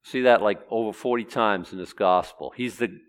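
A man's voice: on the low side, normal speed. A man preaching a conversational Bible lesson, asking his listeners questions and acting out the quotes he reads. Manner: chatty, asks the audience questions, acts out quotes.

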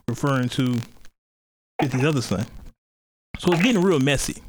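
A man of middle pitch hosting a podcast in loose, casual chat. He rambles, swears freely and breaks into laughs as he talks. A faint hiss sits behind his voice. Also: animated, moderate pace, pauses often, rough recording. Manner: rambling, profane, laughs while retelling. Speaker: podcast host.

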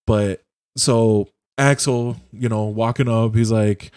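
A man's voice: fairly low pitch, steady tone, slow pace, a little mellow, clear, resonant tone, dry recording, studio quality. A young man in casual chat on a voice call, rambling through a video game plot with swearing and lots of fillers. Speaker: podcast co-host. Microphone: home mic on a voice call.

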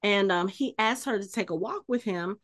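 In a clean studio recording with no echo, a woman with a mid-range voice speaks at normal speed. She's a podcast co-host casually recapping a TV episode, animatedly retelling scenes and acting out the characters' lines.

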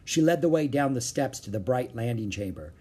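A male storyteller reading a children's book aloud, his pitch rising and falling with the story. His voice carries a slightly husky grain. He narrates with expressive energy. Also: fairly quick.

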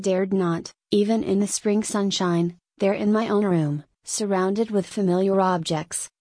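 A woman reads a gothic tale as an audiobook narrator, measured and dramatic. Her voice sits at an ordinary pitch. The recording is close and dry. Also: a little mellow, no echo.

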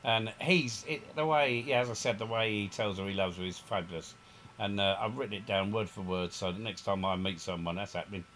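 A man in casual podcast chat, telling stories in a rambling, animated way with frequent restarts. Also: fairly low pitch, brisk, slight background noise.

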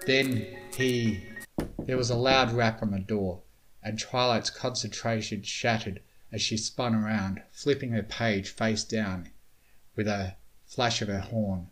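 A man reading a storybook tale aloud in a steady, measured way. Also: fairly low pitch. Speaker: reader. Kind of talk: storybook narration of fan fiction.

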